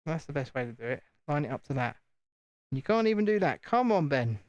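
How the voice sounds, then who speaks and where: Chatty British man, slightly high voice. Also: big pitch swings, a little fast, no echo, muffled recording. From United Kingdom. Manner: chatty, self-deprecating, talks to himself. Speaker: streamer. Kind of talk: casual chat while building.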